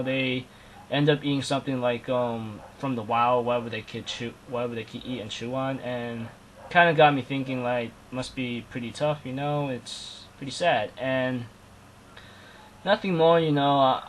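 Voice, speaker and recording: A man's voice: medium pitch, fairly bright tone, a little hiss or hum, rough recording. Casual male anime reviewer, rambling and slangy, lots of fillers.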